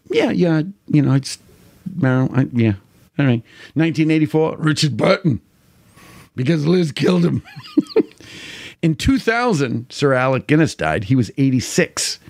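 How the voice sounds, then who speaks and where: New man, 50s, livestream host; rambling, crude jokes, animated pitch. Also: moderate pace, pauses often, no echo, clean studio sound. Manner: loose, crude, jokey rambling with frequent laughter. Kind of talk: casual chat.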